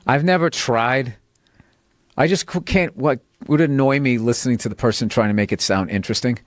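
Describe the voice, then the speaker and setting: A man's voice: medium pitch, brisk, dry recording, studio quality. A man hosting a casual podcast chat, swearing freely and laughing through his stories. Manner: profane, storytelling, laughs a lot. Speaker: podcast host.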